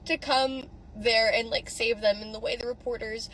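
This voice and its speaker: A woman's voice: on the high side, steady tone, moderate pace, few pauses, a bit bright, a little hiss or hum, low-quality recording. A woman talking casually into her phone outside a theater, rambling, swearing and tearing up as she speaks. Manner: emotional, rambling, swearing, tearful. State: crying. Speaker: social media creator. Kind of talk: casual vlog reaction. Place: outdoors near a theater.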